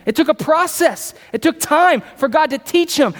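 Extremely high-pitched and brisk, with few pauses, a man preaches as pastor in a spacious hall that gives long reverb. He keeps circling back to repeated phrases, intensifying his points and questioning his listeners.

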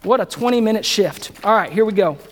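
A man's voice: high-pitched, fairly quick, slight background noise. A man preaching a sermon as pastor, repeating phrases, building emphasis and putting questions to his audience. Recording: long reverb of a large hall.

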